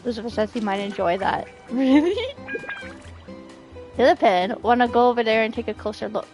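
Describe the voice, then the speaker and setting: A woman's voice: fairly high pitch, fairly quick, a little mellow, faint music behind. A woman streaming a game, chatting casually and reading her chat aloud, giggling often. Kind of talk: casual live commentary.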